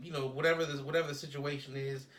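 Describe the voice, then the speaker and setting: A man's voice: on the high side, flat delivery, quick pace, crowd noise. A man co-hosting a podcast, rambling through ideas in casual chat and acting out little scenes. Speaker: podcast co-host.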